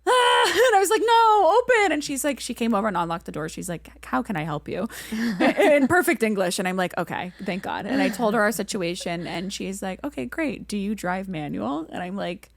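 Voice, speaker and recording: Animated young woman telling a story. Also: mid-range voice, brisk, vocal fry, no echo, studio quality. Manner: animated, acts out quoted voices, many "like"s. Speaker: podcast co-host. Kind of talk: casual storytelling chat.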